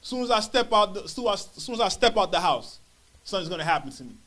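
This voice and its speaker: A man's voice: sits high, animated, fast talker, a bit bright. A man teaching a Bible study, paraphrasing each verse in casual street talk and acting out voices. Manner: street-style paraphrasing, acts out quoted voices. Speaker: church elder teaching.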